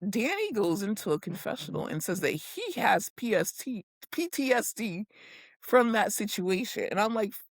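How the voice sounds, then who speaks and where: A woman co-hosting a podcast in casual chat, animated and laughing, swearing freely and acting out quotes. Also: medium pitch, normal speed, no echo, studio quality. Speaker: podcast co-host. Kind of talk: casual chat recapping reality TV.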